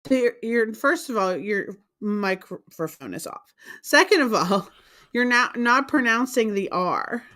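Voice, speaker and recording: Brief: female co-host, fairly high and very lively pitch, insistent and argumentative in casual chat. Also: measured pace. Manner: insistent, argumentative, spells words out. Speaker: co-host of a live reselling stream.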